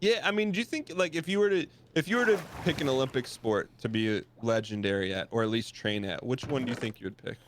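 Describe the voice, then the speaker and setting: A man's voice: mid-range voice, fast talker, few pauses, a little hiss or hum. A man from Michigan with a mid-range voice chats casually. He keeps asking curious questions and leads the talk from topic to topic. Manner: curious, asks many questions. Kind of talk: casual chat.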